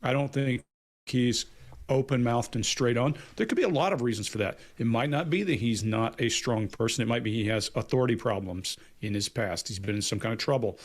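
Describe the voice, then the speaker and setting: A male analyst walks through stress cues in a clipped, matter-of-fact way. He answers his own questions tersely and moves on, in an ordinary middle-pitched voice. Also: brisk. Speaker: body language analyst. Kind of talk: casual panel analysis.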